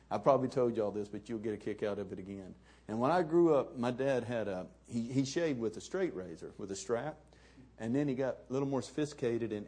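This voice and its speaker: A middle-aged pastor with a drawl preaches in a folksy, conversational manner, spinning stories for his congregation. His voice is mellow and warm, with a husky edge. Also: medium pitch. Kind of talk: sermon with folksy storytelling.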